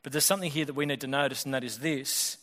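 A male pastor preaching a sermon in a fast, conversational way, often restarting his sentences. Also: medium pitch, fairly even intonation, a bit bright. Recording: long hall reverb.

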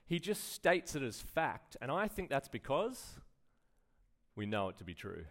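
A man's voice: medium pitch, very animated, measured pace, a bit bright. A man preaching a sermon in a conversational way, full of rhetorical questions and acted-out quotes. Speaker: pastor.

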